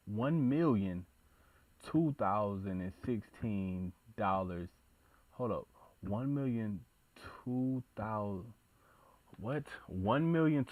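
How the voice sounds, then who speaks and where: A man with a fairly low voice talking casually through a reaction video. He swears freely, gets excited, and stumbles over big numbers while muttering to himself. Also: dry recording, narrow, tinny audio.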